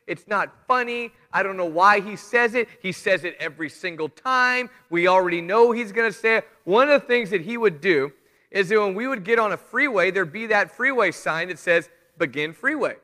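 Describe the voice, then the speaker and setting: Middle-aged guy preaching, high bright voice, reverby church hall, chatty storytelling. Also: normal speed. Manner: conversational storytelling, animated asides. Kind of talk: church sermon with announcements. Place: church sanctuary.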